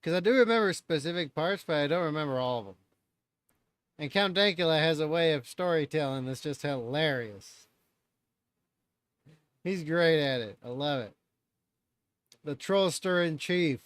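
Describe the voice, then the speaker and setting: A man's voice: on the high side, animated, normal speed, long pauses, smooth, no room sound. A man hosting a live stream, reacting in loose, chatty talk and swearing freely.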